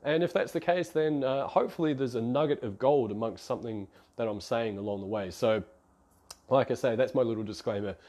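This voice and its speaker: A man's voice: mid-range voice, fairly quick, mellow. Chatty New man hosting a podcast. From New Zealand. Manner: chatty, rambling, self-deprecating. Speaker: podcast host. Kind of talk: solo podcast monologue.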